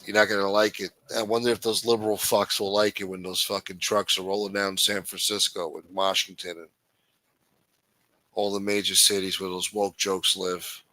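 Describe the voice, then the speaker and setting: A man's voice: low voice, little pitch movement, moderate pace, sharp tone, low-quality recording. A man hosting a livestream, ranting in an angry, profane, blunt manner. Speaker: host. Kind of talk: livestream political rant.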